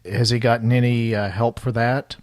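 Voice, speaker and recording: A man's voice: mid-range voice, flat delivery, moderate pace. A man hosting an interview, mostly giving short prompts and follow-up questions. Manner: brief prompting replies. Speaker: host.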